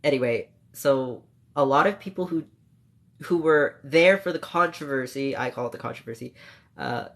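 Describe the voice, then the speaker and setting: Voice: mid-range voice, fairly bright tone. A streamer chats through a long story with live viewers, rambling and emotional. They break off to mock-scold the chat and then apologise. They swear freely and correct themselves as they go. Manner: swears freely, quick asides and self-corrections. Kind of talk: casual livestream storytelling.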